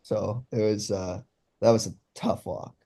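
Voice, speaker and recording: A young man from Ontario talks as a guest on an interview show. His voice sits low and mellow, and he tells his story excitedly, laughing along the way. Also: unhurried, creaky. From Ontario, Canada. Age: young adult. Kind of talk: casual storytelling.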